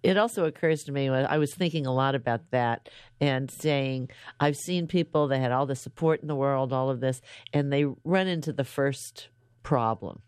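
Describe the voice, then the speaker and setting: Low voiced woman radio host, dry close mic, asks clear questions. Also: normal speed, darkish tone, no room sound. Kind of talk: radio interview.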